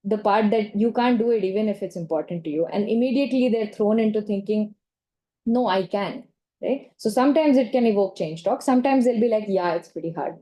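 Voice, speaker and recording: Mellow-voiced woman giving a lecture. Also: medium pitch, fast, hardly any pauses. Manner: conversational, frequent "right?" and "okay?" check-ins. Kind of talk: online training lecture.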